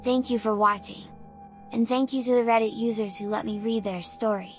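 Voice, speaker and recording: A woman's voice: fairly high pitch, steady tone, moderate pace. A woman reading a short scripted outro in a polite sign-off delivery. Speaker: channel outro speaker. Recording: music playing underneath.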